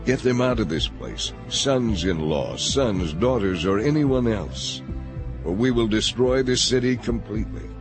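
Stern heavenly messengers who warn and command with urgency, voiced by a male reader. The tone is low and firm. Faint music runs beneath the reading. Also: animated, unhurried.

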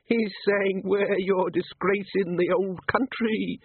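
A man's voice: high-pitched, steady tone, slow, husky, no echo, pitched above the performer's own voice, full character voice. A man reading a story, voicing a menacing, drunken male bogeyman who sneers. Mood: sneering. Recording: tinny phone-like recording.

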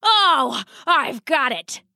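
A woman's voice: high voice, sing-song, a little slow, bright, forceful tone, no echo, studio quality, voice pushed up, full character voice. A woman doing a pompous old father rat. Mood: grandiose. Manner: blustering, theatrical.

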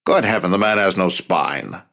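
A man voicing an older, brisk wartime president with a clipped, exasperated manner in an audiobook. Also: low voice, animated, creaky, a bit bright, full character voice. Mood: impatient.

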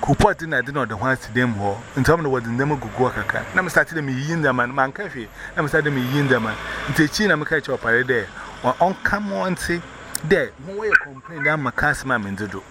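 A man's voice: medium pitch, lively intonation, a little fast. A man telling a rambling story, repeating words as he goes. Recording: noisy recording.

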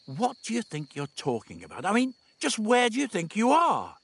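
A man's voice: sits high, wildly swooping pitch, moderate pace, fairly bright tone, breathy edge, no room sound, voice pushed up, heavily acted. A man voicing an impatient, exasperated young male traveller in an audiobook. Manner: snappy, impatient. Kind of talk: audiobook dialogue.

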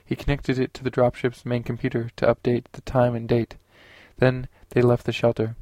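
A man narrating a science fiction audiobook in a steady, unhurried way. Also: mid-range voice, no echo.

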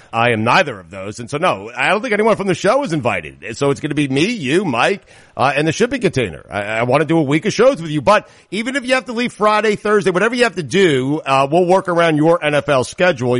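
A man hosting a casual podcast chat, playful and pitching ideas with plenty of fillers. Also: fairly bright tone, dry recording. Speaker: podcast host.

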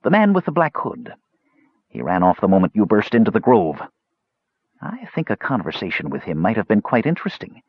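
A man voicing Raistlin, a soft-spoken cold young mage. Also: on the low side, wildly swooping pitch, fairly quick, breathy edge, no echo, narrow, tinny audio, full character voice. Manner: soft, whispering, cool.

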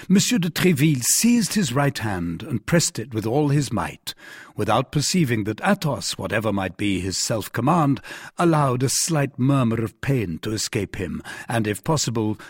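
A man narrating a classic novel in an expressive, theatrical audiobook reading. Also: mid-range voice, slightly rough, no echo, clean studio sound. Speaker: audiobook reader.

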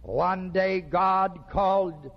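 Slow, emphatic preacher in echoing hall. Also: male voice, sits high. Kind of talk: sermon. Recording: dull lo-fi recording with long hall reverb.

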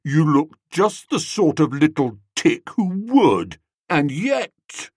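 A pompous young gentleman barks at a schoolboy, as a male narrator puts him on, his voice swooping up and down in cold, blustering accusation. Every word lands slow and deliberate, close and dry with no room around it. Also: a little high, very animated, no echo, pitched above the performer's own voice, exaggerated voice. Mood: cold hectoring.

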